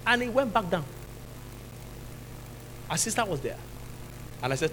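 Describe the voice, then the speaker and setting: A Nigerian male pastor delivers a lively sermon in a high, bright voice. His pitch leaps all over as he builds, shouting rebukes at the devil and laughing with his listeners. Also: a little slow, a little hiss or hum, poor audio. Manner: animated preaching, shouting at the devil, laughing with the congregation.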